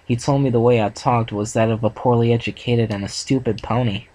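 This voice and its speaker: A man voicing an earnest, heartbroken female farm pony, reading her lines gently in a plain voice. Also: medium pitch, fairly even intonation, fairly quick, close to an everyday voice, rough recording. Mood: sad, tearful.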